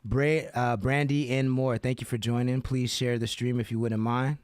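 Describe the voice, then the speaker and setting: A man's voice: medium pitch, little pitch movement, moderate pace, darkish tone, clear, resonant tone, dry recording. Man, radio stream host, casual chat, reads comments aloud, close mic, no room sound. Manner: loose, reads chat aloud, swears freely.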